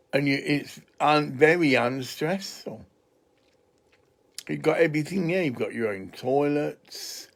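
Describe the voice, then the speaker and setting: A man with an English accent talks through a loose, casual monologue, drifting from one point to the next. His voice carries a gravelly fry, and he takes his time, swearing freely as he goes. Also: mid-range voice. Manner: chatty, digressive, swears freely.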